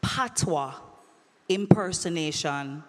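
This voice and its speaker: A woman's voice: fairly low pitch, animated, slow pace. A woman hosting a live audience quiz at a conference, playful and teasing with a dramatic flair, on a handheld mic in a large hall. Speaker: conference emcee. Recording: echoey hall with long reverb.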